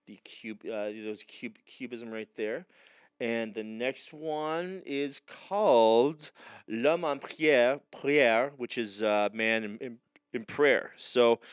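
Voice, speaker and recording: A man's voice: mid-range voice, fairly bright tone, smooth, no room sound. A man co-hosting a casual podcast, rambling and joking, often stopping mid-sentence and trailing off. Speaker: podcast co-host. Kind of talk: casual chat.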